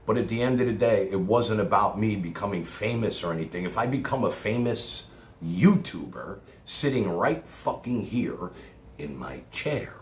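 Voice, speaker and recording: A man from Brooklyn with a New York accent, livestreaming a rambling monologue from his chair, swinging from loud outbursts to low mutters and cursing freely. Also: lively intonation, normal speed. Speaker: live streamer. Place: home room, seated in chair. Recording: roomy echo, faint background noise.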